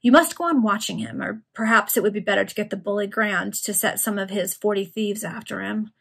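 A woman's voice: medium pitch, brisk, creaky, a bit bright, breathy edge. A woman voicing a greedy male gang leader and villain in a storybook reading, in her own plain voice.

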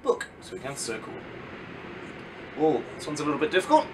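A man teaching a children's phonics lesson, sounding out letters slowly and clearly, and asking and answering his own questions. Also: on the high side, huge pitch swings, noisy background.

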